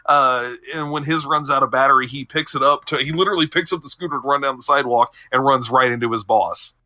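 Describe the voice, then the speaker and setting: A man's voice: mid-range voice, quick pace, sharp tone, no echo. A young man on a podcast, animatedly retelling TV episodes and laughing often mid-sentence. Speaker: podcast co-host. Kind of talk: casual chat, recapping TV episodes.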